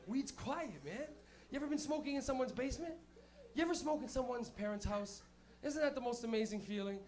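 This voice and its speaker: A man's voice: very high-pitched, lively intonation, fairly quick, a little mellow. A young man doing a loose, swearing stand-up set, acting out quotes as he hosts a small club night. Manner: loose, rowdy, swears a lot, acts out quotes. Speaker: stand-up comedian and host. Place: small club stage with a live audience.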